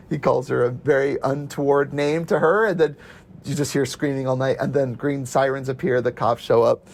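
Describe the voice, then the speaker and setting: A man's voice: medium pitch, fairly even intonation, moderate pace, gravelly, a little hiss or hum. A man casually recounting his missionary days as an interview guest, chatty, laughing often and acting out the voices he quotes.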